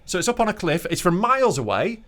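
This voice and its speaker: A man's voice: high voice, sing-song, fast, a bit bright. Rambling male comedy podcast host. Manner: rambling storyteller, filler-heavy, restarts.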